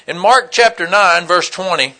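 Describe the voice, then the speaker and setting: High, bright-voiced man preaching casually. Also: moderate pace. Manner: casual, plain-spoken, fillers like "you know" and "man". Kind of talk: conversational sermon.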